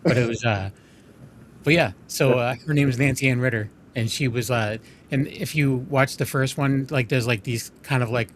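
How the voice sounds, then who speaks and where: A man's voice: medium pitch, moderate pace, a little hiss or hum. Casual male podcast host. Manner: casual, lots of "like" fillers.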